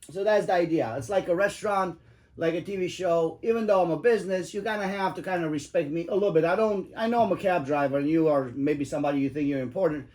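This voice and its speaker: A middle-aged man rambles through cab-driver stories in a loose, casual chat, swearing freely for emphasis and piling on fillers. His voice sits a little high and is a little mellow.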